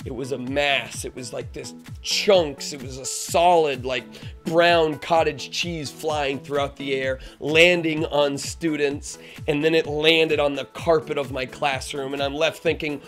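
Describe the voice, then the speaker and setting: A man, a teacher, telling a funny story from his classroom in a lively way, dropping low and then getting excited. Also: moderate pace, faint music behind. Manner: lively, swings from hushed to excited. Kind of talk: animated personal storytelling.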